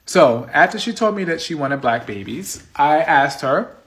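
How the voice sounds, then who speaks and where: A man's voice: on the high side, moderate pace. A man from the United States talking straight to his followers in a casual storytime monologue. He tells it animatedly and lets indignation push through now and then. The odd curse word slips out as he goes. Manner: animated, indignant retelling with swearing. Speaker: storytime vlogger.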